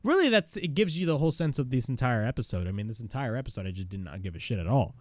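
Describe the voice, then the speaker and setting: A man's voice: medium pitch, big pitch swings, fast talker, a little mellow, no room sound, studio quality. A man reviewing a wrestling show in casual chat, recapping moves play by play and swearing bluntly.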